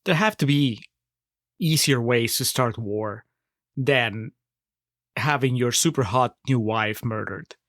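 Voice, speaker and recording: A man's voice: mid-range voice, slow pace, pauses often, a bit bright, dry recording, clean studio sound. Man in laughing podcast banter. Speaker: podcast co-host. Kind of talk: casual film discussion.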